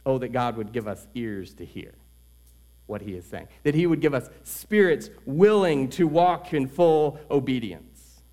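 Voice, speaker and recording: A man preaching a sermon to his church, earnest, swinging between loud emphasis and quiet asides. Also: medium pitch, expressive, a little slow. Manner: tells a joke story in the middle. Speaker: pastor.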